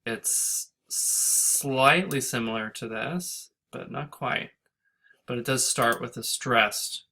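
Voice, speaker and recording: A male teacher lectures in an unhurried, measured way. His voice is bright and forward. He thinks aloud, pausing and correcting himself mid-word, with keyboard typing behind him. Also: medium pitch. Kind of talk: screen-recorded lecture.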